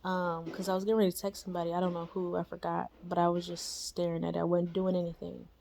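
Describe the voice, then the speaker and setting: A young woman with a low voice and a gravelly, fry-edged texture tells her own story in a loose, conversational way. She leans on slang, fillers and quick tag questions, and the delivery stays unpolished. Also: flat delivery, mellow, a little hiss or hum. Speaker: storyteller sharing a spiritual experience. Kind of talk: casual personal storytelling.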